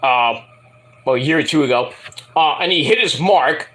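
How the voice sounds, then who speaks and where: A man's voice: a little high, moderate pace, a bit bright. A man giving a casual, rambling wrestling review, full of fillers and profanity, who slips into angry rants. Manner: profane, ranting, hesitant with fillers.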